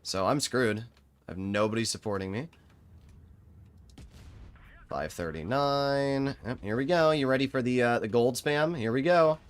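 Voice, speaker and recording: A man's voice: medium pitch, a little fast. A young man streaming a tank game live, giving sarcastic, exasperated commentary to his chat. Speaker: gaming streamer.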